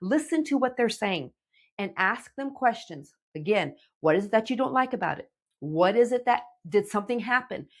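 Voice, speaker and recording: A middle-aged woman with a mid-range voice speaks at normal speed. A teen relationship coach, she gives animated, emphatic direct-to-camera advice to parents, checking in with "okay?".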